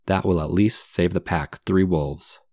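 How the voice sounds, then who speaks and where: A man's voice: deep voice, fairly even intonation, a little slow, a little mellow, dry recording, studio quality. A man voicing a dignified old male wolf leader who speaks solemnly and pleads for the boy.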